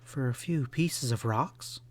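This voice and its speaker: A man voicing a cool-headed, determined young woman in an audiobook, raising his voice higher for her. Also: moderate pace, lightly acted. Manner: raised pitch for a young woman.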